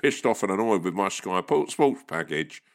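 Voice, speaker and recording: A man's voice: low voice, expressive, normal speed, gravelly. A man mimicking an annoyed male caller who grumbles an aggrieved complaint over the phone. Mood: grumbling.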